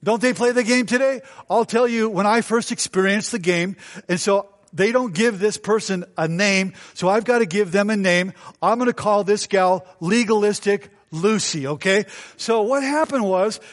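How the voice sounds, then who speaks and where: A man's voice: high voice, normal speed. A male pastor preaching a sermon, telling stories with humor and asking the congregation questions. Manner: storytelling, joking, asks the congregation.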